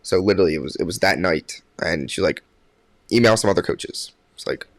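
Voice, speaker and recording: A man's voice: sits low, brisk, no room sound. A young man, a podcast guest, telling a story casually with many fillers and restarts. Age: young adult. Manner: animated when quoting others.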